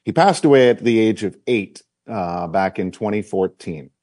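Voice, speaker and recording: A man's voice: lowish voice, expressive, normal speed, a little mellow, dry recording, clean studio sound. A man hosting a casual sports talk show, easygoing and leading into promos.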